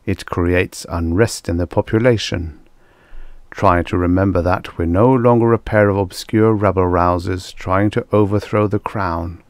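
A man voicing a calm, cunning emperor in an audiobook, speaking evenly and quietly, with a mocking edge. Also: low voice, unhurried, dry recording, clean studio sound.

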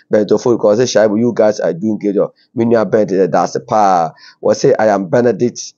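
A man with a Ghanaian accent and a fairly low, warm voice hosts an online news show, reading viewer comments aloud. He chats informally, switching between Twi and English and dropping in casual asides, over dull lo-fi audio.

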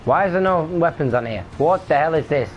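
A man's voice: fairly high pitch, expressive, a little fast, muffled recording, soft background music. A young man streaming a game live, commenting on the play and swearing in frustration. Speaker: gaming streamer.

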